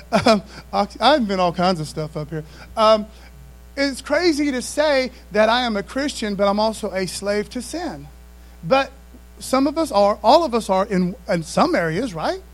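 A man's voice: high-pitched, expressive, a little slow, low-quality recording. A man preaching a sermon in a conversational, emphatic way, often asking the congregation to respond. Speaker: pastor.

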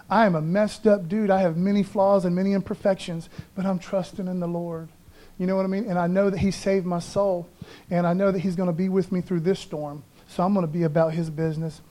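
A man's voice: high-pitched, flat delivery, quick pace, dark tone. A pastor preaching an Easter sermon, fervent and emphatic, calling out to his congregation and mixing in casual asides. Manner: conversational, peppers speech with "man".

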